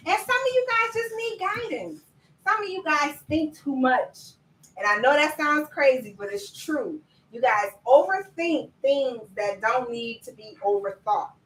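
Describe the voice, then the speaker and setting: A woman coaching viewers in a lively live-stream chat, talking to them directly and laughing often. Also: high-pitched, a little slow, echoey room, distant mic, rough recording. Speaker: business coach.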